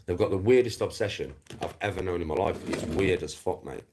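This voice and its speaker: Against a noisy background, a middle-aged Englishman speaks in a low, fairly quick voice with a Black Country accent. It's an angry livestream rant, full of swearing, scorn and repetition.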